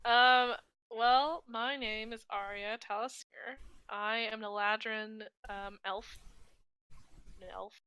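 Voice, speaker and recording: A young adult woman introducing her character in a casual tabletop game chat, relaxed and a bit sweary. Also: a little high, slow pace, clear, resonant tone, no room sound.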